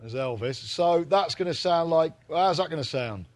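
A man's voice: fairly high pitch, animated, normal speed. A man co-hosting a comic casual chat, full of playful, teasing banter.

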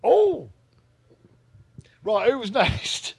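A man with a notably high speaking voice trades playful, teasing jokes in a loose comic chat. He plays the mischievous co-host who keeps poking at his partner's stories. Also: animated, fairly quick.

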